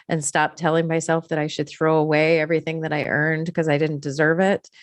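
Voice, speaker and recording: A woman's voice: low voice, level tone, moderate pace, no echo. A woman co-hosting a podcast, sharing her gambling recovery story in an earnest, reflective way.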